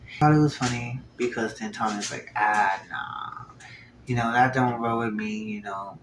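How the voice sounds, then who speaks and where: Casual male reviewer, animated, roomy sounding room, faint hiss behind. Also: medium pitch, a little fast. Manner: chatty, animated, slips into hushed quoted asides. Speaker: show reviewer. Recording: roomy echo, faint background noise.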